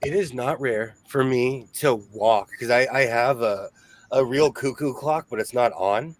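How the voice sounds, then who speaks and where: A man's voice: medium pitch, a little slow, low-quality recording. A man hosting a casual sewing chat, telling stories and laughing often. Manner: chatty storyteller who laughs often.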